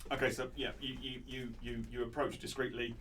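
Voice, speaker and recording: A man's voice: mid-range voice, little pitch movement, a little fast, fairly bright tone. Stammering man running a tabletop game. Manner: stammering, repeats words often. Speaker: game master. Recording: distant mic with faint noise.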